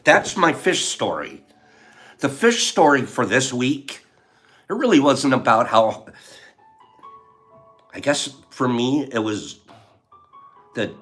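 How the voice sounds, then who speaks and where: A man's voice: medium pitch, a bit bright. An older man hosting a casual livestream, emotional and heartfelt, laughing often as he chats with viewers. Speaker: livestream host.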